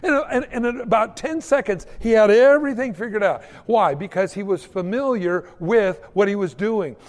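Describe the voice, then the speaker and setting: A man preaching a sermon in an animated, folksy storytelling manner, acting out the quotes. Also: sits high, normal speed, long reverb tail.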